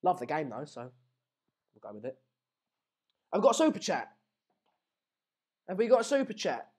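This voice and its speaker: Young male streamer, energetic, rambling, jokey match-chat host. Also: fairly high pitch, moderate pace, husky. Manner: rambling, jokey, self-mocking. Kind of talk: casual live match chat commentary.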